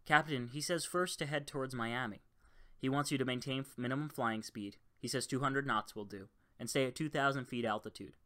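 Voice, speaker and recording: A man's voice: medium pitch, a little fast, bright, forceful tone, close to an everyday voice. A man voicing a young female flight attendant, speaking in a tight, strained voice under threat. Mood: tense.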